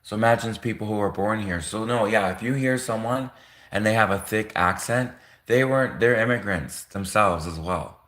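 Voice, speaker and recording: Rambling low-voiced Canadian man. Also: normal speed, fairly bright tone, echoey room. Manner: rambling, constant "like" fillers, chuckling. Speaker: livestream host. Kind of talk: casual livestream rant.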